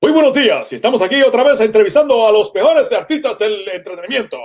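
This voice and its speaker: A man doing a peppy, over-formal radio host who rattles off a showy on-air greeting. The voice jumps up high and swings widely in pitch, racing along in announcer cadence. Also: animated, rapid-fire.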